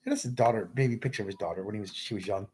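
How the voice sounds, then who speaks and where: A man's voice: fairly low pitch, rapid-fire, darkish tone, husky. A man talking in a rambling solo monologue, drifting from thought to thought and calling the listener "man.".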